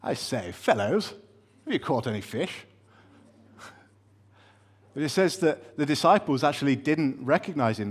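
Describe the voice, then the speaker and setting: Man preaching a casual, wry sermon. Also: medium pitch. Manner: conversational, wry storytelling with fillers and restarts.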